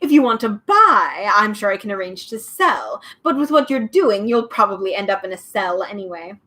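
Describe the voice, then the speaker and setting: A woman voicing a meddling male bird who snatches words, in a shrill, cackling, interrupting way. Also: sing-song, moderate pace, bright, forceful tone. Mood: gleeful.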